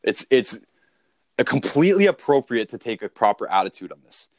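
A man's voice: medium pitch, big pitch swings, a little fast, dry recording. A man coaching salespeople in a casual conversation, punchy and emphatic, often checking in with "right?".

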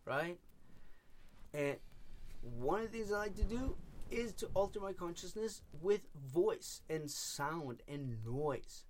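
Young male host, casual, rambling and animated, curses freely. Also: high voice, takes it slowly, slight background noise. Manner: rambling, swears a lot, animated. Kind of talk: casual chat.

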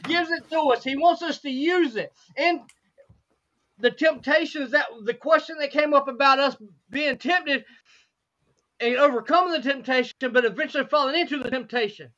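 A hoarse woman with a cracking voice leads a fervent Bible study, repeating phrases and asking rhetorical questions. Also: high-pitched, moderate pace, fairly bright tone, dull audio.

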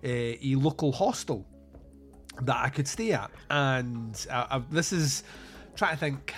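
Scottish guy rambling through a story, swears a lot, average pitch, bit of music low in the back. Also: animated, measured pace. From Scotland. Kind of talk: casual chat about films.

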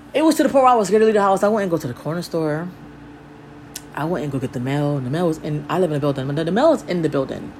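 A woman's voice: fairly low pitch, slight background noise, rough recording. A young woman telling her own story in a casual, blunt way, swearing freely and rambling with fillers. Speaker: podcast host. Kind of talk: candid personal storytelling.

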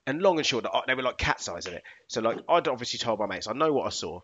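In a mid-range, fairly bright voice with a breathy edge, a man speaks very animatedly and fast in casual conversation. He keeps hesitating and using fillers such as "like" and "I don't know," and the sound is dull and lo-fi.

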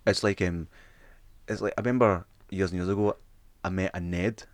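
A Scottish man in his thirties chats on a podcast at a brisk clip, low in pitch and full of swearing and laughter. The sound is close and dry, with no room around him. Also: fairly even intonation, no echo. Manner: sweary, laughing, fast storytelling. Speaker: podcast co-host. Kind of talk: casual chat.

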